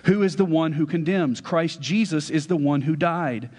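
A man's voice: a little high, normal speed, a little mellow, slightly rough. A man preaching a sermon as a pastor, conversational, often checking in with his listeners. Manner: conversational preaching with frequent "right?" asides. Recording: church hall reverb.

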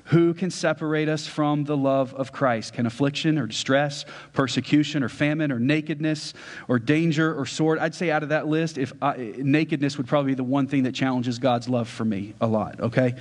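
A man's voice: mid-range voice, fairly even intonation, a little fast. A man preaching a sermon as a pastor, conversational, often checking in with his listeners. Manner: conversational preaching with frequent "right?" asides. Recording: church hall reverb.

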